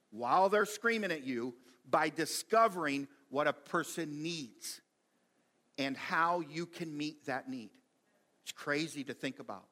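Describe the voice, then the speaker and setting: Animated man preaching conversationally. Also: a little high. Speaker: pastor. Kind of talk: sermon.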